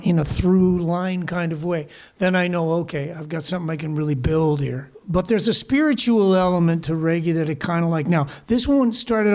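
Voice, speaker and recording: A man's voice: sits high, a little mellow. An older man, a guest musician, chatting onstage at a live show in an easygoing way, chuckling and restarting his sentences. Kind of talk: casual onstage chat. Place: live music venue with audience.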